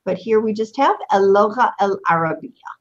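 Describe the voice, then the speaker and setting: A woman leads a beginner Arabic lesson with patience, praising her students and saying each phrase again slowly so they can follow. Her voice sits at an ordinary middle pitch. The recording is muffled and lacks crispness. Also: expressive. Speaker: Arabic teacher. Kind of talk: teaching a beginner language lesson.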